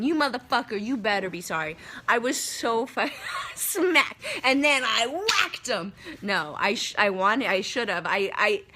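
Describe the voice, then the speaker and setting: A young woman telling a travel mishap to her stream viewers in a hotel room, casual and animated, swearing freely and calling her viewers "y'all" into a phone. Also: mid-range voice. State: upset after crying. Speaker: livestreamer telling a travel story.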